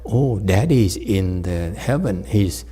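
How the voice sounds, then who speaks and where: Husky, laughing Buddhist teacher, slow. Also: male voice, lowish voice, animated, mellow. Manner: jokey, laughs often, talks straight to listeners. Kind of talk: informal dharma talk with storytelling.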